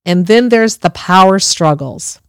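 A woman's voice: medium pitch, animated, unhurried, smooth, no room sound, clean studio sound. A middle-aged woman gives parenting advice in an earnest, reassuring way, speaking straight to the listener. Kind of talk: instructive parenting talk.

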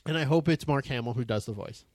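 A man's voice: medium pitch, quick pace, no room sound. A man hosting a casual podcast, talking in a laid-back, joking, slangy way. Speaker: podcast host. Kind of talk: casual chat.

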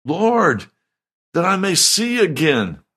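A man's voice: big pitch swings, slow pace, sharp tone, slightly rough, full character voice. A man voicing a blind male beggar who cries out for mercy in pleading, raised tones. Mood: longing. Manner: pleading, high-pitched cries.

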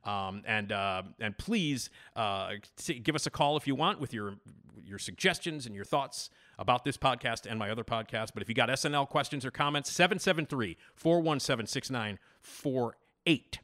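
A man's voice: mid-range voice, expressive, normal speed, fairly bright tone. A man hosting a casual podcast monologue, rambling, blunt and opinionated. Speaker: podcast host.

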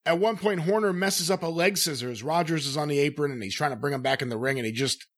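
A man's voice: a little high, quick pace. A man co-hosting a casual podcast, reviewing old matches and reading out the show's plugs. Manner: relaxed, wraps up with plugs. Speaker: podcast co-host.

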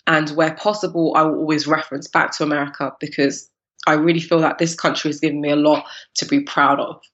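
A woman from East London in her thirties with a London accent, telling her story as a podcast guest in an animated, laughing way. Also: sits low, fast talker, highs cut off. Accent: London English. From East London, England. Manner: animated, laughing, acts out her past self in quotes. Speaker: guest, cupcake business founder.

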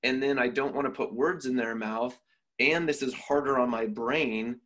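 Male podcast co-host, husky mid-range voice, reflective and thoughtful. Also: medium pitch, steady tone, moderate pace, fairly bright tone. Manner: reflective, thinks aloud with restarts. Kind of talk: conversational podcast talk.

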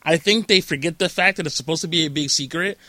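A man with a bright, forceful voice, pitched a little high, hosts a casual podcast chat over a remote call. He talks in a loose, joking way, full of "like" and quick asides. The sound is dry and close. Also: no echo. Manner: chatty, jokey, lots of filler "like". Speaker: podcast host.

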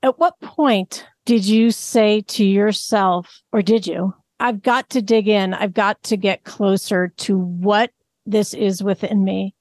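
A woman hosting an interview, calm and affirming, asking her questions without judgment. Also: medium pitch, slow, no room sound, studio quality. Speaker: host.

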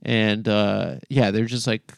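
A man co-hosting a comedy podcast, rambling through casual chat with constant restarts and fillers. His voice carries gravelly fry over a smooth, clean tone. The sound is dry and close. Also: fairly low pitch, steady tone, slow, no room sound. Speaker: podcast co-host.

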